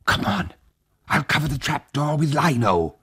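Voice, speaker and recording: A man's voice: a little high, big pitch swings, moderate pace, fairly bright tone, breathy edge, pitched above the performer's own voice, exaggerated voice. A man voicing a stubborn, anxious old village grandfather in a read-aloud story, talking in rambling, insistent reassurances. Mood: urgent.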